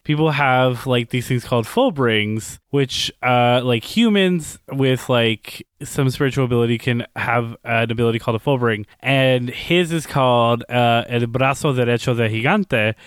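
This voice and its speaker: A man's voice: medium pitch, moderate pace, hardly any pauses, clear, resonant tone, dry recording, studio quality. A man hosting a casual podcast, talking in a rambling way with frequent laughs and fillers; Spanish is his first language. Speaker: podcast host.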